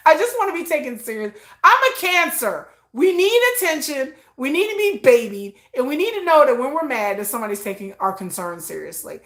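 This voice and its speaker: Very animated and pitched high, the middle-aged host talks fairly quickly with few pauses in a somewhat bright voice. Her livestream chat is casual, rambling and self-deprecating, with her playing both roles in remembered conversations.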